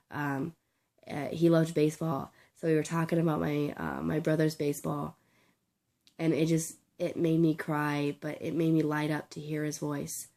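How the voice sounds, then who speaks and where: Young woman vlogging, low voice, sore throat, keeps stopping and starting, kinda choked up. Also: dark tone. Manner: halting, tearful, many restarts. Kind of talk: emotional personal vlog.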